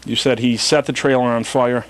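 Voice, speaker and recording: A man's voice: medium pitch, steady tone, moderate pace. A man hosting a talk show, teasing his guests in casual chat and reading out plugs. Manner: playful, teasing interviewer.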